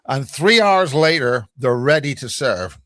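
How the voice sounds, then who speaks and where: A man's voice: medium pitch, lively intonation, a little slow, fairly bright tone, no room sound, studio quality. A man with a Northern Irish accent, rambling and joking through stories as a guest on a video-call chat show. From Northern Ireland. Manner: rambling, joking storyteller with many restarts. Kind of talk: casual chat.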